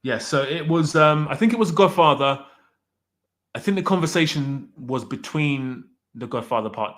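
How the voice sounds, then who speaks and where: A man's voice: lowish voice, fairly bright tone. A man casually chatting on a livestream, reading the chat aloud and rambling while he corrects himself as he ranks directors. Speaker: streamer ranking directors with live chat.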